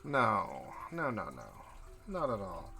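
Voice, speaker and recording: A man's voice: lowish voice, huge pitch swings, slow, vocal fry, bright, forceful tone, exaggerated voice. A man voicing a friendly, slightly breathless woman who delivers bread, making polite small talk. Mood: friendly chatty.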